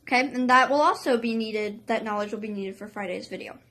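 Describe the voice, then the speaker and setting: Excitable chatty young-sounding woman vlogger. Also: fairly high pitch, brisk. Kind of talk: storytime vlog.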